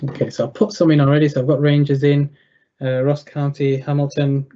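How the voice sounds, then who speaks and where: A young man giving betting tips over a video call, thinking aloud in a halting way with many fillers and restarts. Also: on the high side, level tone, dark tone, muffled recording. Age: young adult. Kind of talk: thinking aloud while clicking through a screen.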